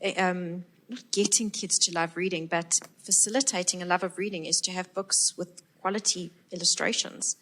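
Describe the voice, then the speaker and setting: A woman's voice: lowish voice, steady tone, moderate pace, few pauses, fairly bright tone, poor audio. A woman hosting a podcast, asking her guest questions in casual chat. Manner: conversational, interviewing with questions. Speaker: podcast host.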